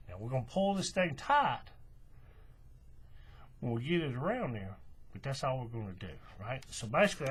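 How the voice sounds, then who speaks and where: A man with a fairly high, husky voice walks through a hands-on craft demonstration. He talks in a loose, conversational way, often checking in with the viewer and restarting his sentences. His pitch swings a lot as he explains. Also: fairly bright tone. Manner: chatty, repeats "right?" and "okay", restarts and self-corrections. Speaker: paracord bracelet instructor. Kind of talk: casual how-to demonstration.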